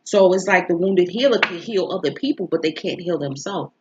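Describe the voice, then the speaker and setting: A woman's voice: fairly low pitch, animated, a little fast, highs cut off, background noise. A woman, an astrology and tarot reader, talking in a rambling, emotional way with a stuffy nose from crying, throwing in rhetorical asides. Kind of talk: casual confessional vlog chat. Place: home.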